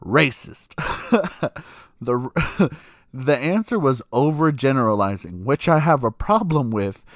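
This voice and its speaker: A man's voice: mid-range voice, animated, slow pace, long pauses, no echo, studio quality. A young adult man hosting a podcast, telling a story in a casual, sassy and profane way, laughing often. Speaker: podcast host.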